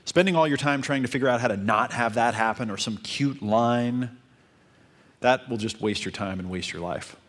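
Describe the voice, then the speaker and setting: A man giving dating advice in a calm coaching talk, repeating his points. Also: medium pitch, normal speed.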